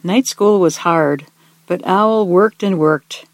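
A storyteller reading a children's picture book aloud, gently and expressively, slowing down on key words. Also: mid-range voice, no room sound. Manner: gentle, expressive, soft-spoken, slowing for emphasis.

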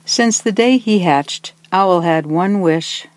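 A storyteller reading a children's picture book aloud, gently and expressively, slowing down on key words. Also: medium pitch, dry recording. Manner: gentle, expressive, soft-spoken, slowing for emphasis.

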